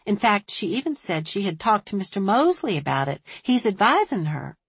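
A woman voicing a shrewd, observant small-town woman who talks briskly and thoughtfully. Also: medium pitch, very animated, breathy edge, dry recording. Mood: confiding.

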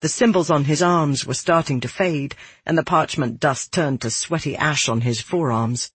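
An audiobook narrator reading a first-person fantasy story in a steady, earnest way. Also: mid-range voice, normal speed, slightly rough, no echo.

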